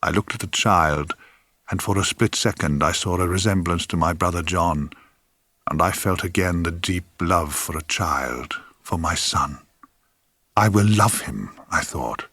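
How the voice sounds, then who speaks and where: A man reading his own memoir aloud in a wry, theatrical way, sometimes dropping to a hush. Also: fairly low pitch, no echo, clean studio sound. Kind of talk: audiobook memoir narration.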